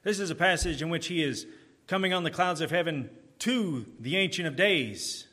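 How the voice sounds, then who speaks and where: Bright-voiced emphatic male preacher. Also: expressive, moderate pace. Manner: emphatic, swinging from booming to hushed. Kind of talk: sermon.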